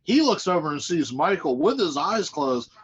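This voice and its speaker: A man's voice: fairly high pitch, very animated, moderate pace, breathy edge. Male co-host, graphic and profane storyteller, lo-fi muffled audio. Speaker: podcast co-host. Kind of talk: casual podcast storytelling.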